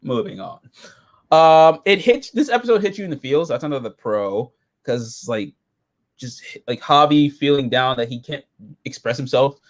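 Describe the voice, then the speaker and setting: A man co-hosting a casual episode review, profane and excitable, jumping into silly quoted voices. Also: mid-range voice, moderate pace.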